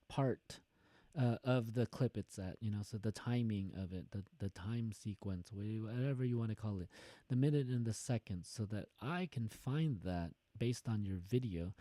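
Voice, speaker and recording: A man's voice: mid-range voice, mellow, dry recording. A man teaching a class, explaining an assignment in a casual, rambling way, often correcting himself mid-sentence. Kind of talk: recorded assignment instructions.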